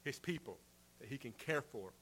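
A man preaching a sermon in an earnest way, rising for emphasis and dropping soft at the ends of phrases. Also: mid-range voice, animated, moderate pace, slight background noise. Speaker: pastor.

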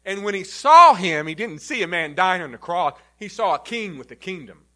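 A male pastor preaching a sermon, emphatic, rising loud and then dropping to a low, quiet delivery. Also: lively intonation, moderate pace.

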